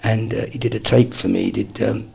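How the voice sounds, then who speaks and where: A man in his sixties, a comedian guest telling lively anecdotes in an interview and dropping into quick impressions. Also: lowish voice, gravelly, slightly rough. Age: 60s. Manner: animated storyteller, slips into quick impressions.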